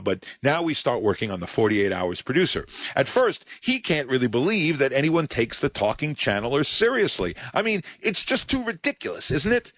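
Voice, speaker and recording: Wry, animated male podcast host. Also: medium pitch, no echo. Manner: wry, sardonic storytelling. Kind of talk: scripted narration.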